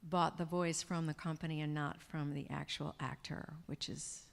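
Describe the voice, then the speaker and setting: A woman's voice: deep voice, flat delivery, normal speed, gravelly. Give me a woman in her sixties telling chatty stories to an audience in a reverberant hall. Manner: chatty, warm storytelling with laughs. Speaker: guest speaker. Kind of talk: Q&A talk to an audience. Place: large event hall. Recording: hall reverb from a live event room.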